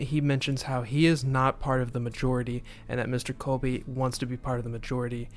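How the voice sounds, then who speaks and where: Monotone man recapping an episode. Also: mid-range voice, a little fast, few pauses, soft background music. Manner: monotone delivery. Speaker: video essayist recapping a TV episode. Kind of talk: casual spoken episode recap.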